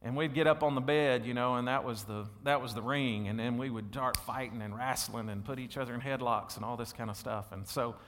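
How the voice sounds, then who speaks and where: A man, preaching a sermon to his congregation and calling out to them, swinging between loud and soft. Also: mid-range voice, fairly even intonation, brisk, hardly any pauses. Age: 40s. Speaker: pastor. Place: church sanctuary. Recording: long hall reverb.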